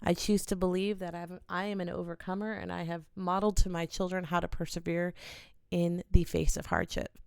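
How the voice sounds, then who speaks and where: Earnest low-voiced woman with a gravelly edge. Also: flat delivery, a little fast, no room sound, clean studio sound. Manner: gentle, earnest, coaching viewers step by step. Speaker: oracle card reader. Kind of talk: casual guided ritual talk. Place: small home studio in a bedroom corner.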